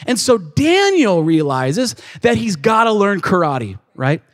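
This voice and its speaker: High-voiced pastor guy preaching, lively storytelling, long church echo. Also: a little slow. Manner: animated storytelling, acting out scenes. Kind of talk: sermon. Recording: long reverb of a large hall.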